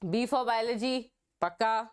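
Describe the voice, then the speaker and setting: High, smooth-voiced woman teaching biology. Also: moderate pace. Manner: coaxing, repeats key words to stress them. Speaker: online exam-prep teacher. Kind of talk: live online biology class.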